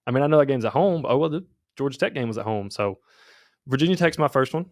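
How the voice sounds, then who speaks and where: A man's voice: mid-range voice, animated, fast, darkish tone, dry recording, clean studio sound. A man hosting a casual sports podcast, chatty and easygoing as he leads the talk. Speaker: podcast host.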